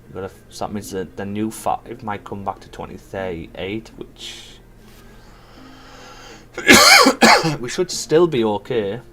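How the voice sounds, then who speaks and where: A man's voice: on the low side, huge pitch swings, slow pace, long pauses, pushed and bright, soft background music. A man giving casual live commentary as a forex trader, thinking aloud and chatting to viewers. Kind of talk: live trading stream commentary.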